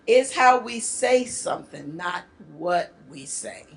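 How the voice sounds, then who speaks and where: A middle-aged woman from the northern US gives a marriage workshop talk to a live group, lively and joking in casual speech. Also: on the low side, takes it slowly. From northern United States.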